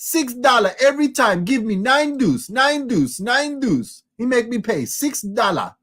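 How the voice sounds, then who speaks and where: A man's voice: sing-song, a little slow, fairly bright tone, heavily acted. A man mimicking a complaining Jamaican woman at a poker table, repeating herself in a nagging way. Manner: shrill, nagging, repetitive. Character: loud, complaining older Jamaican woman gambler.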